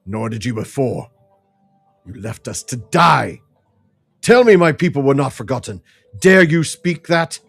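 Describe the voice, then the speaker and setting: A man's voice: lowish voice, animated, normal speed, slightly rough, no echo. A man voicing a grief-maddened, vengeful warrior who speaks bitterly and accusingly in a fantasy game. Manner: bitter, accusing, bursts into shouting.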